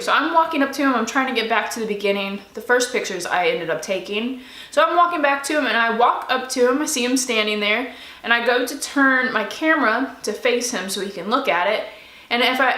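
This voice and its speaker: Bright-voiced young woman telling a story. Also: on the high side, roomy sound. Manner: excited, chatty, animated retelling. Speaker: vlogger. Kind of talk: casual storytelling to camera.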